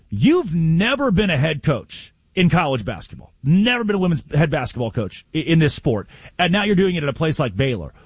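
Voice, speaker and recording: A man's voice: on the high side, breathy edge, no room sound. A man co-hosting a casual sports talk show, telling stories and acting out the coaches he quotes, often restarting his sentences. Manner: animated storyteller, acts out quoted coaches.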